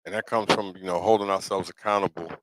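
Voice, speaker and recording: Host, male, middle-aged, New York accent; low voice, dry close sound; loose streetwise sermonizing to a live audience. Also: fairly even intonation, quick pace, a bit bright, no room sound, poor audio. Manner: preachy, repetitive, keeps asking "you know what I'm saying?". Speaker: live talk show host. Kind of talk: casual livestream monologue.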